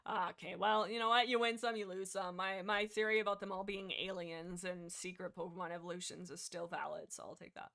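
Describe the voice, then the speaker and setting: A young woman talks through a book on her livestream in a loose, rambling way. She gets excitable, restarts her sentences often and fills gaps with lots of fillers. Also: lowish voice, brisk, vocal fry, hardly any pauses. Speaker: livestream host. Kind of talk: casual book discussion livestream.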